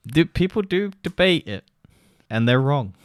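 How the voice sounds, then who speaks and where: A man's voice: a little high, very animated, unhurried, no echo, clean studio sound. A man co-hosting a podcast in casual chat, blunt and scoffing, swearing freely. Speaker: podcast co-host.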